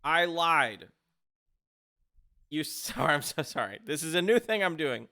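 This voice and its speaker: A man's voice: on the high side, expressive, a little slow, sharp tone. A man narrating as game master, loose and giggly.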